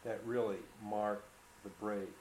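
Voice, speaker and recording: A man with a lowish voice asks thoughtful, leading questions, musing through his points before handing the floor over. He sounds like he is in an echoey room, with a faint hiss underneath. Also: level tone, unhurried. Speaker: interviewer, economist. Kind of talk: oral history interview.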